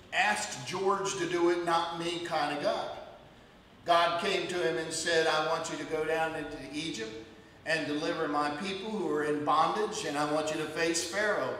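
A male pastor preaching a sermon in a church, emphatic and building to loud declarations. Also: fairly high pitch, slight background noise. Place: church sanctuary. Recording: echoey hall, voice from far off.

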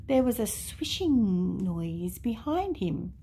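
An Australian woman reading a children's story and a devotion in a calm, measured manner. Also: medium pitch, creaky, slight background noise. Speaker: church story reader.

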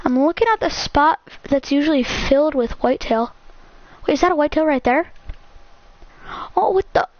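A woman giving casual, excitable commentary while playing a hunting game, repeating words as she talks. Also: high-pitched, normal speed, long pauses, no echo. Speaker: gaming channel host. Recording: muffled lo-fi sound.

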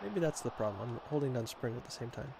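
A young man giving casual, chatty commentary while playing a football video game, talking to himself with quick exclamations. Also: mid-range voice, lively intonation, creaky, noisy background. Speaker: gaming channel host.

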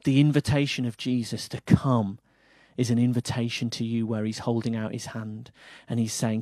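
A man with an English accent preaching a sermon, earnest, moving between firm emphasis and soft quiet lines. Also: medium pitch, little pitch movement, moderate pace, no room sound. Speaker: pastor.

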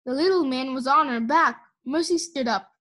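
A woman reading a children's storybook aloud in a clear, measured way. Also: high-pitched, fairly bright tone. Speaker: audiobook reader.

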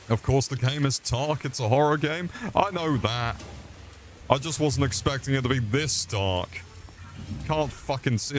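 A young man swearing and mocking himself while streaming a game. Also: medium pitch. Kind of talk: crude live-stream commentary.

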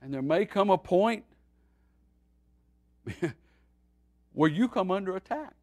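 A man, a pastor, teaching a Bible study in a folksy, animated preaching style that swings between loud and quiet. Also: high-pitched, takes it slowly.

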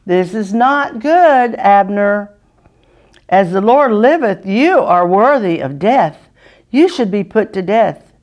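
A woman's voice: mid-range voice, animated, takes it slowly, a little mellow, dull audio. Woman playing a young warrior calling out, scolding. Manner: scolding and teasing.

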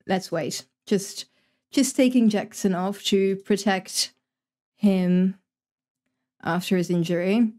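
Streaming her gameplay, a young woman chats casually, thinks out loud and swears freely as she plays. Her medium-pitched voice is mellow and slow, with long pauses between remarks.

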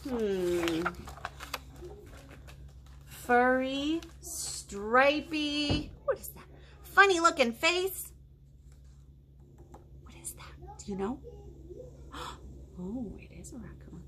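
A woman's voice: high voice, very animated, very slow, pauses often, a bit bright, a little hiss or hum. A woman children's librarian reading picture books aloud and asking the children questions. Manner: playful, asks the kids questions.

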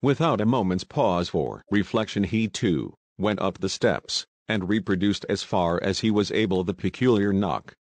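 A man narrating a novel aloud in a steady, measured reading voice. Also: deep voice, dry recording. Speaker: audiobook narrator. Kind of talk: scripted narration.

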